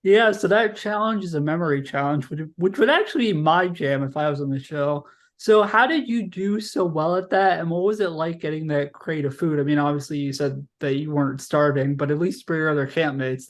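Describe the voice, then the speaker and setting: A male interviewer puts friendly, chatty questions to a reality show contestant. His voice sits a little higher than most men's. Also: fairly quick, hardly any pauses.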